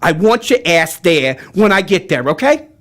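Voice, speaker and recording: A man voicing a bossy tough guy with a New York accent, fast and demanding. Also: high voice, sing-song, a bit bright.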